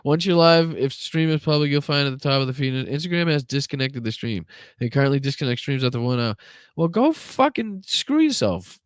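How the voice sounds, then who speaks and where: A man's voice: mid-range voice, steady tone, fast, clear, resonant tone, no room sound. A man hosting a political livestream, talking casually in a profane, exasperated, rambling way.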